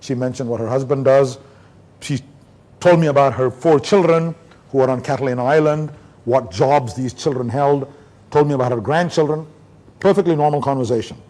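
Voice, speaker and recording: At a neurology conference, a man from India lectures in a medium-pitched voice at normal speed. He tells case stories with animation, acting out his conversations with patients.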